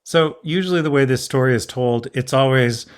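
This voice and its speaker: A man's voice: mid-range voice, a little fast, clean tone. A man in a middle register tells a history story as a podcast host. His delivery is casual and explanatory, with a dry, lightly sardonic edge.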